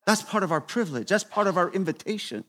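A man in his fifties preaching a sermon to a room, conversational and repetitive, swinging between quiet asides and emphatic, raised exhortation. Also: high-pitched, animated, quick pace. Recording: long reverb of a large hall.

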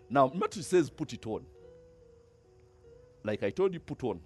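Pastor, male, animated and chatty sermon delivery, husky and slightly high voice, faint music underneath. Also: a little slow, pauses often. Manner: lively, conversational preaching with rhetorical questions and laughs.

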